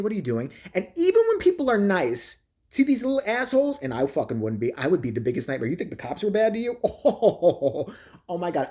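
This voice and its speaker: Vlogger, profane comedic rant, crude and mocking, lively pitch.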